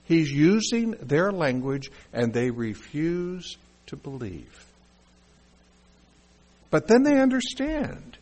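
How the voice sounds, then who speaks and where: A middle-aged man preaching a sermon, animated and acting out quoted lines as he teaches. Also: a little high, slow pace. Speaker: pastor.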